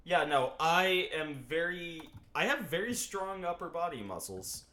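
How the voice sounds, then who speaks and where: Young man, casual friend chat, lively bright voice, rambles. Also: fairly high pitch, measured pace, a little hiss or hum. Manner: rambling with restarts. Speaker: stream participant.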